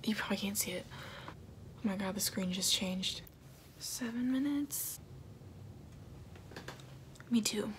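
A young woman in a casual reaction vlog, often whispering, excited and swearing. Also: medium pitch, takes it slowly, long pauses, slight background noise. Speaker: vlogger reacting to a music video.

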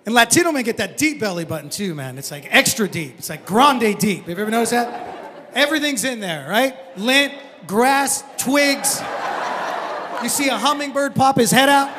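A man doing a stand-up routine on a comedy stage, animated and slipping into characters. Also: extremely high pitch, moderate pace. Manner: animated, acting out characters in put-on voices. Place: comedy stage before a laughing audience. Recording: roomy hall with crowd noise.

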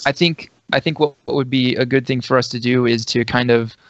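Flat-voiced man stammering through his turn. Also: mid-range voice, fairly quick, no room sound. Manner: flat, stammering, repeats words. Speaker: player. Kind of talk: tabletop game chat. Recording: dry, dull lo-fi audio.

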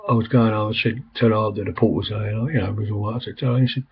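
A man's voice: fairly low pitch, fast, gravelly, few pauses, slightly rough. An older man rambling in casual talk, full of ums and restarts. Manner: meandering, many ums and restarts. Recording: slightly dull, lo-fi recording.

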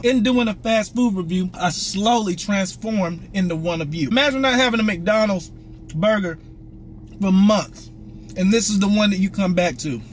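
A young man reviewing fast food in a casual vlog, animated and profane, jumping from loud outbursts to low muttering, talking from a parked car. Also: a little hiss or hum.

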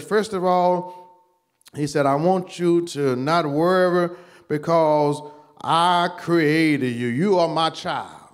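A man in the role of pastor, teaching a church Bible study at an unhurried, deliberate pace. His speech halts often, with repeated words and many fillers. When something stirs him he pushes up in pitch and volume.

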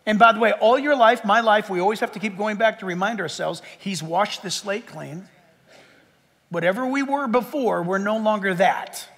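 A man preaching a sermon as pastor, emphatic and swinging between loud and hushed. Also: high-pitched, moderate pace. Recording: long hall reverb.

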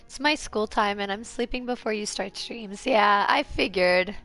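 A woman game streamer chatting casually with her viewers, her voice congested and hoarse from a sinus infection, bubbly and giggly as she greets everyone. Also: medium pitch, normal speed, a bit bright. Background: faint game music.

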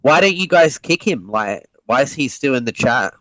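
A man's voice: mid-range voice, big pitch swings, moderate pace, a bit bright, no room sound, low-quality recording. A man from Australia on a casual livestream, rowdy and trading insults. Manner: rowdy, insulting, talks over others. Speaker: livestream guest.

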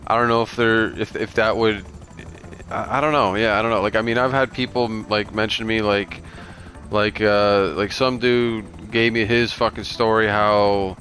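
A man's voice: lowish voice, fairly even intonation, normal speed, a bit bright. A man hosting a gaming stream, chatting casually with many restarts and casual swearing. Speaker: gaming channel host.

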